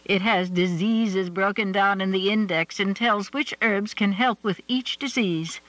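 A man's voice: high voice, a little slow, fairly bright tone, no echo, rough recording. Man doing a bubbly, pushy woman cousin. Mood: eager. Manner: bubbly, insistent. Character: chatty eager woman cousin, pushy helper.

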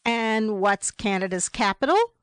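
A woman reads a young English desk clerk with a dry, wry way of explaining things, unhurried and deliberate. The delivery is slow and measured, and the sound is close and dry with no room around it. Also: medium pitch, expressive, clean tone, dry recording, close to an everyday voice. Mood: dry, amused. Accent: English, as put on.

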